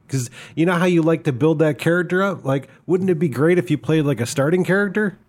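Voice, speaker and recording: A man's voice: fairly high pitch, quick pace, few pauses. A man co-hosting a casual podcast review of a tabletop game book, talking in a rambling, hesitant way with lots of fillers. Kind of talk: casual chat.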